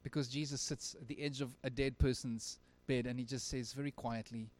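A male pastor preaching a sermon at a church service, earnest, swinging from emphatic lines to very quiet ones. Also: medium pitch, fairly even intonation, brisk.

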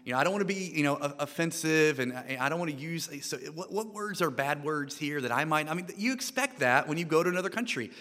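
Brief: American man, guest preacher, bright forceful tone, chatty sermon full of restarts, long hall reverb. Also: fairly high pitch, fast talker, hardly any pauses. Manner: conversational, animated, frequent restarts and repeated words. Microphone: microphone.

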